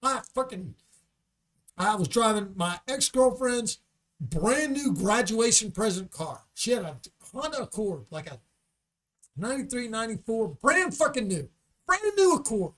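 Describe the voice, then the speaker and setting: A comedian telling a story on a studio podcast, ranting in an animated, profane way and acting out angry judges. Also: male voice, high voice, unhurried. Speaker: comedian guest.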